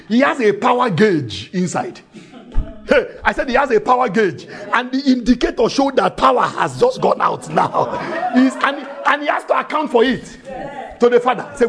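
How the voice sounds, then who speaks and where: A man preaching a sermon, fervent and shouting at times, telling stories and calling out to the crowd. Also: very high voice, big pitch swings, normal speed. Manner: fervent, shouting, storytelling with call-outs.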